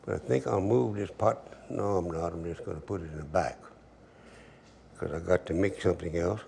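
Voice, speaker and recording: Gravelly older man cooking. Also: sits low, normal speed, slight background noise. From Louisiana. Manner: relaxed drawl, storytelling asides. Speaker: cooking show host. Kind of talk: folksy cooking demonstration.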